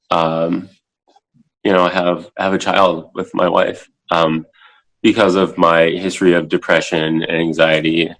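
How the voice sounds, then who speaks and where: A very low-voiced man in his thirties speaks as a guest on a podcast, in casual interview talk from a child's room at home. He's halting and leans heavily on filler words, but becomes animated whenever he quotes something he once said. The recording is rough.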